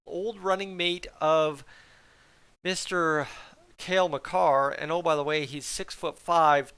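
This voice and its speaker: A male host of a hockey video channel, talking in a loose, rambling way and poking fun at himself. His voice sits a little high for a man, with a smooth, resonant tone. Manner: rambling, animated, self-deprecating. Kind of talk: casual hockey commentary.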